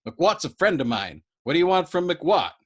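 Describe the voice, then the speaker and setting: A man's voice: fairly low pitch, fairly quick. A man voicing a wary, exasperated young male bombardier who talks in urgent bursts in a storybook reading. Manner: urgent, exasperated, trying to hush.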